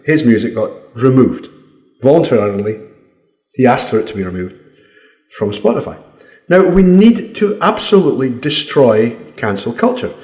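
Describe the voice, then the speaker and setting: A man's voice: medium pitch, a little mellow. A Scottish man giving a blunt, combative opinion monologue, swearing freely. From Scotland. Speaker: commentator. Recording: roomy echo.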